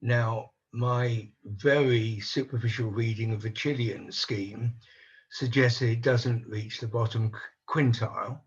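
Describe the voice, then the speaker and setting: An older man speaking on a conference panel over a video call, measured and analytical, voicing doubts in a deliberate way. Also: medium pitch, fairly even intonation, breathy edge, dull audio. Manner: measured, analytical, openly skeptical. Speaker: panel speaker on housing policy. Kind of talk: online conference talk.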